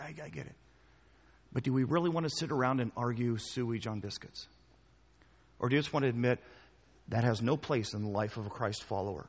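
A man's voice: mid-range voice, fairly bright tone. A male pastor preaching a sermon, chatty and storytelling, firing questions at the congregation and hammering points home by repeating them. His voice carries a long reverb from the hall. The sound is dull and lo-fi. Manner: conversational, quizzing the congregation with questions; storytelling with emphatic repetition.

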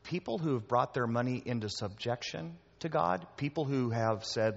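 A man's voice: mid-range voice, animated, moderate pace, vocal fry. A man preaching a sermon to his congregation, conversational and talking straight to the room, often repeating words as he goes. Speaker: pastor. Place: church hall before a congregation. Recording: echoey hall, dull lo-fi sound.

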